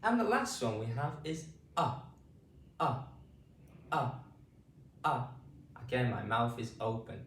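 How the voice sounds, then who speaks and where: A British man teaching phonics, repeating drawn-out vowel sounds slowly for beginners. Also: medium pitch, big pitch swings, creaky, a bit bright, roomy sound, recorded from a distance, a little hiss or hum. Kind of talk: slow spoken pronunciation lesson.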